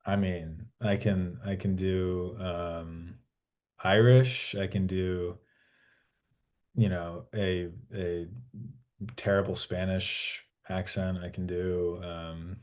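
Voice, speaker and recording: A man's voice: deep voice, fairly even intonation, slow, a little mellow. A man talking casually as an actor guest in an interview, rambling with many restarts and some swearing.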